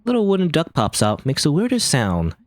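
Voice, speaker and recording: Sulky sarcastic young woman, read by a man, deadpan, lively pitch, game playthrough. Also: fairly quick, no room sound. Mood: musing.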